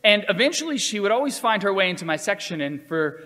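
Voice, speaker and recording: A man telling personal stories in an earnest, measured way, acting out quotes along the way. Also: high-pitched, big pitch swings, sharp tone, big-room sound. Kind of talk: storytelling talk.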